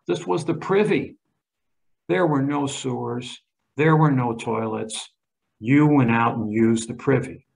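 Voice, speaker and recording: A man's voice: medium pitch, unhurried, vocal fry, rough recording. A man in his seventies, a history professor, giving an emphatic lecture with slides and frequent restarts. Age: 70s.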